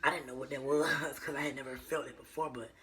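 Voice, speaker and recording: A woman's voice: extremely low pitch, steady tone, fast talker, a bit bright, slight background noise, rough recording. A young woman telling her viewers a personal story in a casual, meandering way, full of fillers and restarts. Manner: addresses viewers as y'all.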